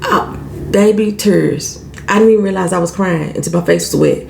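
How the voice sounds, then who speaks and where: A woman's voice: on the low side, moderate pace, vocal fry, a little mellow, a little hiss or hum. A woman recapping a TV show in a casual, salty vlog, swearing freely and acting out the characters' lines.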